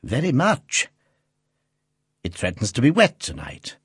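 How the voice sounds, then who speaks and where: A man's voice: mid-range voice, wildly swooping pitch, a little slow, breathy edge, no echo, clean studio sound, heavily acted. A man reading the part of a good-natured old male instrument maker who muses and teases fondly. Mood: musing. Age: older. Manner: fussy, musing, kindly teasing.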